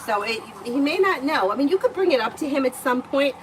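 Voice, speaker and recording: A woman's voice: high voice, lively intonation, brisk, background noise. A woman livestreaming as a tarot reader, telling stories in a chatty way, laughing often and swearing freely. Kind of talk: casual storytelling and tarot reading.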